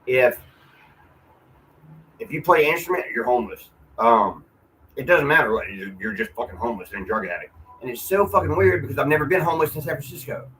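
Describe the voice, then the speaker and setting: A man's voice: medium pitch, sing-song, fairly quick, a bit bright, a little hiss or hum, rough recording. A man venting in a casual, profane, rambling monologue at home, often restarting his sentences. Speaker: vlogger. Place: apartment.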